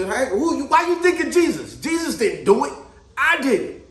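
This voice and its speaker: A man's voice: very high-pitched, moderate pace. A middle-aged man telling a story casually, acting out the people in it. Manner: animated, acts out voices of people in his stories. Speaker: vlogger telling stories. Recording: echoey room.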